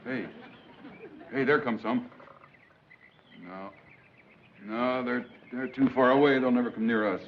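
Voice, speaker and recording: A man's voice: mid-range voice, a little slow, long pauses, a little hiss or hum. A man in a 1960s sitcom, talking in an exasperated, amused way. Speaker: sitcom co-star. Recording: dull old TV soundtrack with loud audience laughter.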